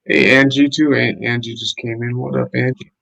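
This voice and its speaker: A man's voice: medium pitch, steady tone, moderate pace, gravelly, a bit bright, poor audio. A man chatting casually on a home livestream, laid-back and chatty, leaning on "like" a lot. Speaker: guest streamer. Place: home, living in Lima. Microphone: streaming mic setup.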